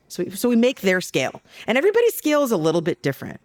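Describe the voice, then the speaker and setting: A woman psychologist talking as a guest on a podcast interview, telling stories in a lively, joking way. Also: medium pitch, rapid-fire, hardly any pauses. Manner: lively, jokey storytelling.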